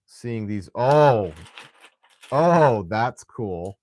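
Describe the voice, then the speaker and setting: A young man hosting a live stream, chatting casually while he builds, often restarting sentences and clearing his throat. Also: fairly low pitch, expressive, a little slow, no room sound, clean studio sound.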